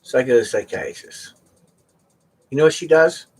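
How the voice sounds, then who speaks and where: Husky, joking man hosting a livestream auction. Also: mid-range voice, animated, normal speed, a little mellow. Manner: joking, rambling storyteller who laughs a lot. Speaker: live auction host. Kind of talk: casual live-stream auction chat.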